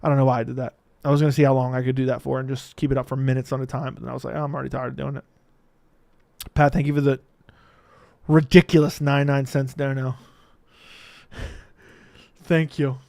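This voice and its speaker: A man's voice: mid-range voice, flat delivery, racing, creaky, darkish tone, no room sound. A man hosting a live MMA stream, reading viewer messages and joking with his chat, laughing often. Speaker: MMA livestream host. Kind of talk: casual livestream chat reading viewer comments.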